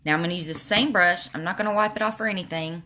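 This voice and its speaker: Woman, slight lisp, bright tone, somewhat low voice, casual makeup livestream chat. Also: rapid-fire. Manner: chatty, reads viewer comments aloud.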